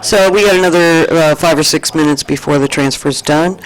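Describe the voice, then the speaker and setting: A woman hosting a casual local news livestream, chatty and quick to laugh. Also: deep voice, rough recording. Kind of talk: casual live talk.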